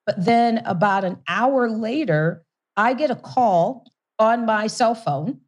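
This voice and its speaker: A woman being interviewed as a guest, telling a story in an animated way, laughing often and repeating words for emphasis. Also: fairly high pitch, slow, lo-fi sound. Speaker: guest, company CEO.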